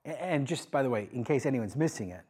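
A man preaching a sermon as pastor, conversational and animated, with emphatic asides. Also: medium pitch, fast talker, breathy edge.

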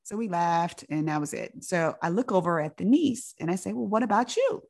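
Woman telling a lively story. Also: on the low side, moderate pace, gravelly. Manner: animated, laughs often. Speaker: guest storyteller. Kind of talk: casual storytelling.

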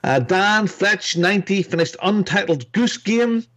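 Slightly high man hosting. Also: lively intonation, a little slow, fairly bright tone. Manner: rambling, reads out chat names, self-correcting. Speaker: podcast host. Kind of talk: casual gaming podcast chat.

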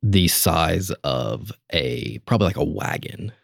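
Deep-voiced man running a tabletop game. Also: animated, gravelly, fairly bright tone, no room sound, studio quality. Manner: unhurried, descriptive, with frequent "uh" pauses. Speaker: game master.

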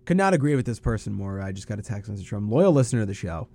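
A man's voice: fairly low pitch, sing-song, very fast, warm tone, no echo. A man co-hosting a casual sports podcast, laid-back and teasing in manner. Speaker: podcast co-host.

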